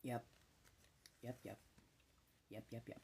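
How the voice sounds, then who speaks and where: A woman with a Californian accent, chatting casually on a live stream, laid-back and swearing freely, now and then dropping into soft whispers. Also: extremely low pitch, steady tone, slow pace, creaky, slightly rough. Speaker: ASMR streamer.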